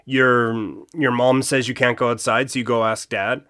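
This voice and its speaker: A man's voice: mid-range voice, moderate pace, smooth. Casual man co-hosting a podcast. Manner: relaxed, jokey, with crude asides. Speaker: podcast co-host. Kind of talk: casual history podcast chat.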